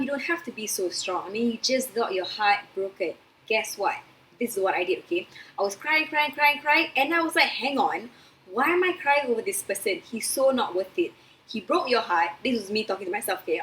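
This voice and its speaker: A woman's voice: mid-range voice, slight background noise, poor audio. Chatty young woman giving earnest advice. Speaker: vlogger. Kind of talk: casual advice vlog to camera.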